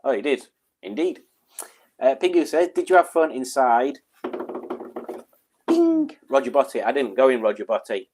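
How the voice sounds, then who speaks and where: A man's voice: medium pitch, fast, hardly any pauses, darkish tone, a little hiss or hum. Chatty man streaming live. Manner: rambling, chatty, with frequent ums and chuckles. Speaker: live streamer reading chat. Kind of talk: casual live-stream chat.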